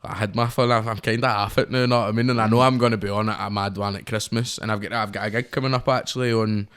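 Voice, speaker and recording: A young Glaswegian rapper, a guest on a podcast, talking casually in a laid-back, sweary way and saying "mate" a lot. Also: male voice, on the low side, steady tone, fast, a bit bright, smooth. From Scotland. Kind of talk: casual chat.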